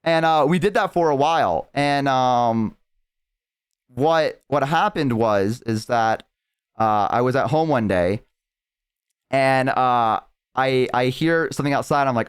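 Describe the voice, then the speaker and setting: A man's voice: a little slow, clear, resonant tone. A young man streamer chatting casually, telling stories and acting out quotes with big jumps in his voice. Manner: animated storyteller, acts out quotes with big pitch jumps. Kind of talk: casual chat.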